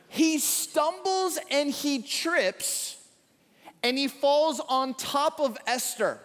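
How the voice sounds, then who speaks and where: A man pastor preaching a sermon, retelling a scripture story in an animated way with acted quotes. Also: extremely high pitch. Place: church auditorium. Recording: echoey large hall.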